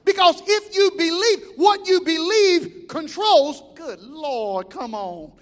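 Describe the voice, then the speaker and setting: A middle-aged man preaching a sermon as pastor, swinging between shouted exhortation and quiet, chatty storytelling. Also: very high voice, animated, takes it slowly. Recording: long hall reverb.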